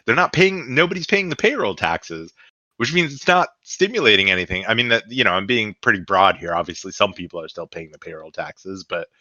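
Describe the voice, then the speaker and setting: Sarcastic low-voiced man, bright tone. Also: a little fast, no echo, dull audio. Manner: animated, sarcastic, rambling. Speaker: podcast co-host. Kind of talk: casual political chat.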